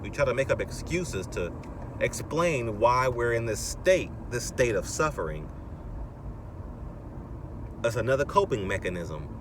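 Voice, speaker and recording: A man's voice: mid-range voice, sing-song, measured pace, long pauses. A man in his thirties ranting in a rambling monologue while driving, his voice rising into exasperated outbursts. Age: 30s. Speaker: vlogger. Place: in a car, driving. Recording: car road noise in background.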